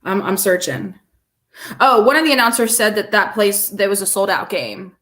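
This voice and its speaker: A woman in casual sports-podcast chat, animated and sarcastic, often laughing as she reacts. Her voice sits in an ordinary middle range. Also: medium pitch, normal speed. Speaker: podcast co-host.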